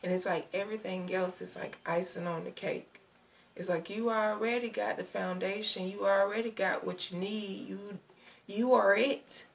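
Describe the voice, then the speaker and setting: In a mid-range voice with fairly even intonation, a female spiritual vlogger speaks at an ordinary pace. Her casual talk wanders and repeats itself, sprinkled with occasional curses. The mic sits far away, and background noise comes through clearly.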